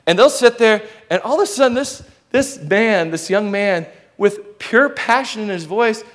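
A youth pastor giving a lively sermon, calling out to his congregation and sometimes shouting. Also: high-pitched, normal speed. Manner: lively preaching with call-and-response, sometimes shouting.

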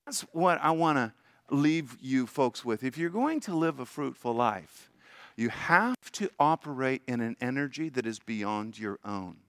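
An older man preaching a sermon as a guest preacher, with emphatic rises to loud lines and soft drops at the ends of phrases. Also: mid-range voice, animated, a little slow, no room sound, clean studio sound.

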